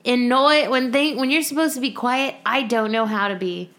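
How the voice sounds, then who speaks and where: A woman in casual podcast chat, halting and deadpan as she tells stories. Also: on the high side.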